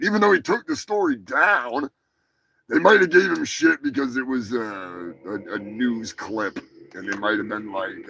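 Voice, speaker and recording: Crude, rambling gravelly man. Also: medium pitch, lively intonation, a little slow. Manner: rambling, crude, jokey, bursts into shouts. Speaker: show host. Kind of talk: profane casual live-stream rant.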